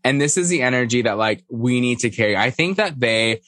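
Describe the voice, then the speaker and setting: A man's voice: fairly quick, no room sound. A man co-hosting a podcast, chatting casually and gossiping about a reality show, often mimicking people. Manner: gossipy, animated, mimics people in high voices. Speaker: podcast co-host.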